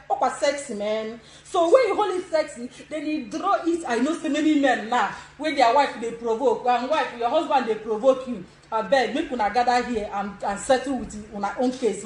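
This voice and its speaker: The voice is a little high with a darkish tone. It belongs to a woman in her sixties, Nigerian-accented, who laughs frequently while boldly instructing viewers in a social media live demonstration inside an echoey room.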